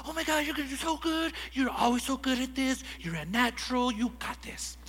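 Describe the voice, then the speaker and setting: A man playing a gushing, encouraging young woman barber in a sermon story, talking fast and excitedly. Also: high voice, slightly rough, voice pushed up.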